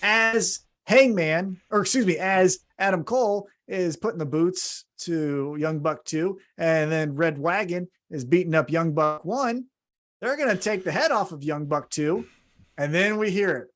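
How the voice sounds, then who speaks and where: A man co-hosting a wrestling podcast, recapping matches in casual chat with animated storytelling and quick self-corrections. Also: high-pitched. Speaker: podcast co-host.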